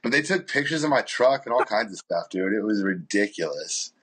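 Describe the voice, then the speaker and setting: A man's voice: lowish voice, expressive, brisk, a bit bright, breathy edge, poor audio. A man rambles through a story on a casual podcast. He slips into the voices of the people he quotes, then drops back to his own. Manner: rambling anecdote-telling, acts out quoted people. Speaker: podcast co-host.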